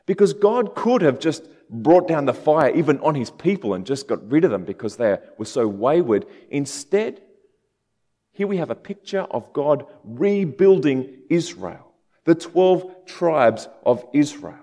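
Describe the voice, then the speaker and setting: A man preaching a sermon in a relaxed, conversational way, with casual asides. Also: a little high, a little slow. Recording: long hall reverb.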